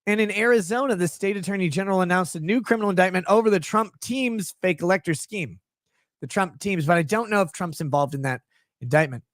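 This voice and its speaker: A man's voice: high voice, a little fast, fairly bright tone, no room sound, clean studio sound. A man hosting a commentary show, reading news aloud and breaking off into sarcastic, profane asides. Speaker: legal commentary show host.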